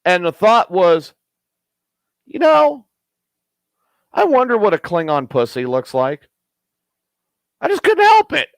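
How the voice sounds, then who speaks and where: A man hosting a live show, chatting casually in a rambling, raunchy, excitable way. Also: sits high, takes it slowly, creaky, pauses often, no echo. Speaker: host.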